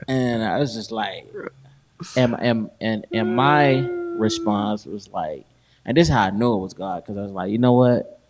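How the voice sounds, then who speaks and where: Animated man telling stories in casual chat. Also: lowish voice, a little slow, slight background noise. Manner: animated storytelling, laughs often, slangy. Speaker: podcast host.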